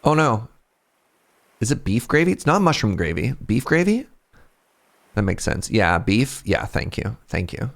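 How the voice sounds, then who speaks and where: A man's voice: medium pitch, very animated, a little slow, vocal fry, long pauses. A man with a Pacific Northwest Canadian accent, chatting casually and rambling as he answers viewer questions while playing a game on a live stream.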